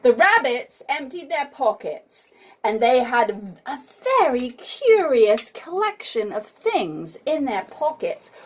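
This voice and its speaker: A woman reads a children's book aloud at home, playful and unhurried. Her voice is high, breathy and very lively. She lingers over the words. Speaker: parent reading aloud. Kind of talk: bedtime story reading.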